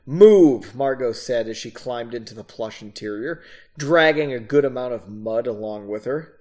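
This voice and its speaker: Reading aloud from his own novel, a man with a mid-range voice speaks at a normal pace and keeps breaking off for casual, self-mocking asides.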